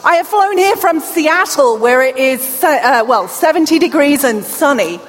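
Speaking with a high voice at a moderate pace, an English keynote speaker with a British accent and a deaf accent energizes a conference crowd in a large hall. She addresses the audience directly with warm asides. The recording carries long hall reverb and faint room noise.

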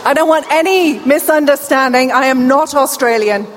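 High-voiced British woman with a deaf accent. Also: normal speed, noisy background. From England. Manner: upbeat, playful, engages the crowd. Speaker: keynote speaker. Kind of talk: conference keynote. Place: large hall. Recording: long hall reverb.

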